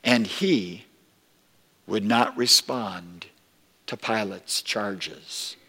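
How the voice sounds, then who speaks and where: A man preaching a sermon as pastor, slow and deliberate, rising with emphasis when quoting scripture. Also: lowish voice, pushed and bright, breathy edge, in a large hall. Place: church sanctuary.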